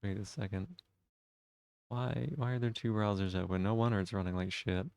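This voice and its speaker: A man's voice: on the low side, steady tone, moderate pace, gravelly, a little mellow, no room sound. A man live-streaming, chatting casually with viewers in a teasing way and swearing freely.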